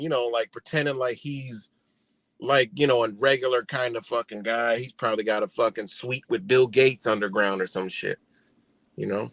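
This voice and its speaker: A man's voice: medium pitch, a bit bright, a little hiss or hum. A man hosting a live stream, ranting in a heated, profane, repetitive way. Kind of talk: ranting commentary.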